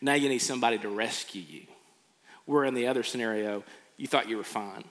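A man's voice: mid-range voice, fairly quick, fairly bright tone. A man preaching a sermon, earnestly acting out people's reactions. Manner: earnest, acts out quoted reactions. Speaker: pastor. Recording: long hall reverb.

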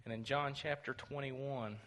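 A man preaching a sermon, telling the story dramatically and swinging between loud and hushed. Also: mid-range voice, fairly even intonation, measured pace, a little hiss or hum. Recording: long reverb of a large hall.

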